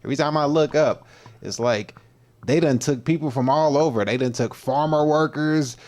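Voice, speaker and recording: A man's voice: on the high side, normal speed, darkish tone. A man hosting a fitness livestream, chatting casually in slang and greeting viewers by name.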